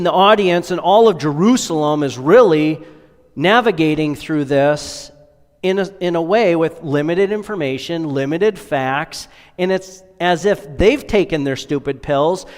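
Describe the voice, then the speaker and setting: A male pastor preaching with a fairly high voice and a long reverb trailing each phrase. He leans on rhetorical questions, swelling to emphatic peaks and then sinking to near-whispers. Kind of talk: sermon.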